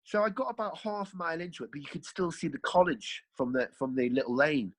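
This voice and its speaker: A man's voice: on the high side, quick pace, poor audio. A man, a podcast guest, telling his life story in a rambling, earthy way, correcting himself as he goes. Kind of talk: candid storytelling.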